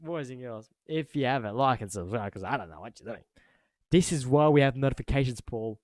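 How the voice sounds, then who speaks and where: A man making a football reaction vlog, excitable, repeating his exclamations and laughing loudly. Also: medium pitch, fairly quick, dry recording. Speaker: football fan YouTuber.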